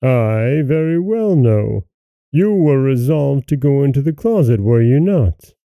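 Cold menacing villain husband from an old fairy tale, man doing it, gravelly and dark. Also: mid-range voice, animated, unhurried, no room sound, clean studio sound. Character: cruel murderous nobleman, cold and menacing.

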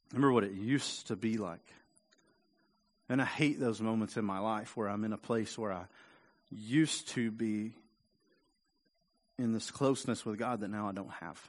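A man preaching a sermon in a conversational way, often repeating words and rising louder for emphasis. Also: fairly low pitch. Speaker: pastor.

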